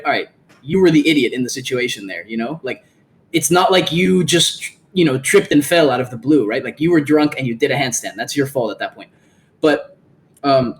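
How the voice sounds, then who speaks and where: A man's voice: on the high side, slight background noise. A man hosting a podcast, chatting casually and animatedly, swearing freely and acting out the lines of people in his stories. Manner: animated, profane, acts out quoted lines. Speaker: podcast host.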